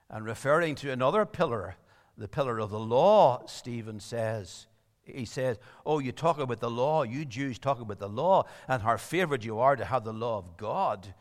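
A man's voice: mid-range voice, big-room sound. A man preaching a sermon, earnest and rising to emphatic appeals.

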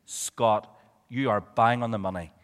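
A man giving a children's talk in church, an animated storyteller who asks the children questions. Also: on the low side, unhurried, clear, resonant tone. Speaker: preacher. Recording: echoey church hall.

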